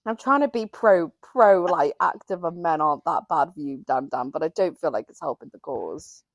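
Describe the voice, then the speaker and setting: A woman's voice: sits low, lively intonation, normal speed, dry recording. A woman co-hosting a podcast, chatting casually and rambling through her opinions with restarts. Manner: rambling, self-correcting opinions. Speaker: podcast co-host. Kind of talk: casual chat.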